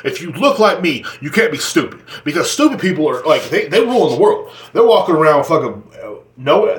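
A man hosting a podcast alone, talking in a casual, rambling and profane way while joking as he goes. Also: a little high. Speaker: podcast host. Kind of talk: casual solo rant. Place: seated indoors in a chair. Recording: roomy echoing room.

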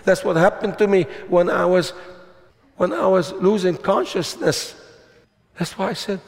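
A man preaching a sermon at a camp meeting, slow and emphatic, putting rhetorical questions to the congregation. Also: high-pitched, expressive, a little mellow. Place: large meeting hall. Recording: long hall reverb.

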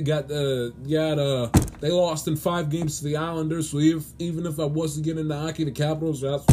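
A man hosting his own sports show, ranting in a pleading, exasperated way with lots of restarts and stammers. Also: fairly high pitch. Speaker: sports podcast host. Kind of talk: solo sports commentary rant.

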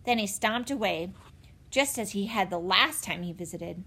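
A woman reading a children's chapter book aloud in an expressive, animated way. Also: mid-range voice, moderate pace, slightly rough. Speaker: narrator. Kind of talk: storybook read-aloud.

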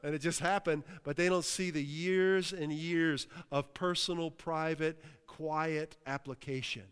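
A pastor from Western Pennsylvania preaches with a smooth, resonant voice pitched a bit high for a man. He shouts hallelujah between points and keeps asking the room if it is with him. His voice rings out with a long reverb from a large hall. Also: steady tone, measured pace. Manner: exclaims hallelujah, asks the crowd. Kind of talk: sermon.

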